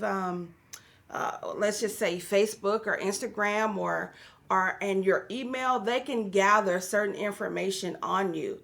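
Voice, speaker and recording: A woman's voice: fairly high pitch, creaky, a bit bright. A woman hosting a business and real estate show, talking casually and encouragingly to viewers with lots of fillers. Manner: chatty and encouraging, many fillers, addresses viewers as guys. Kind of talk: casual talk to the camera.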